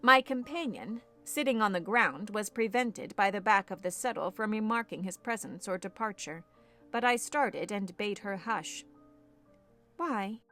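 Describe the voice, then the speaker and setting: A woman narrating a classic novel audiobook in a measured storytelling manner. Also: mid-range voice, expressive, bright, forceful tone, faint music behind.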